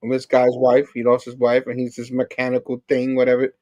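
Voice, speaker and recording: A man co-hosting a podcast who muses slowly about a comic's plot, often asking "you know what I mean?". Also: mid-range voice, monotone, warm tone, dry recording, low-quality recording. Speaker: podcast co-host. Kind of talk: casual comic-book discussion.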